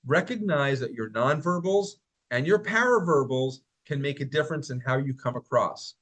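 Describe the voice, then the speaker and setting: A man's voice: medium pitch, animated, moderate pace, a bit bright. A man presenting a workplace training workshop in a conversational way, often asking his listeners questions. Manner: conversational, asks the audience questions. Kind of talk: recorded training talk.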